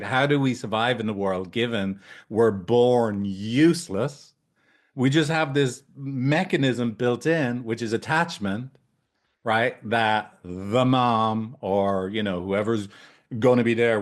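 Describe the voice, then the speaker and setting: Lively swearing man teaching therapists. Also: on the low side. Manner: animated, swears freely, keeps tagging "right?". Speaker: couples therapist trainer. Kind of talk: casual training talk.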